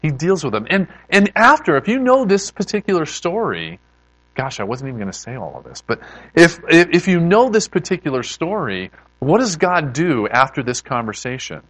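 A man preaching in a relaxed, chatty way, often stopping to restart a sentence. His pitch swings widely as he talks. The sound is dry and close, with no room echo. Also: moderate pace. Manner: animated, conversational preaching with many restarts. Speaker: pastor. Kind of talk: sermon.

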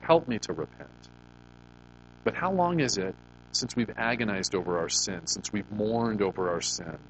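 A middle-aged pastor preaches a sermon in a lowish, animated voice at a moderate pace, with background noise in the room. His style is folksy and conversational, built on personal stories, and he often puts questions to the congregation.

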